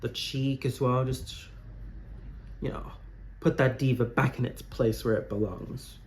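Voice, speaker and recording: A man's voice: medium pitch, fairly even intonation, unhurried, slight background noise. A young man hosting an unedited drag makeup tutorial at home, chatting in a campy, rambling, gossipy way as he works. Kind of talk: casual chatty talk while doing makeup. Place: warm room at home.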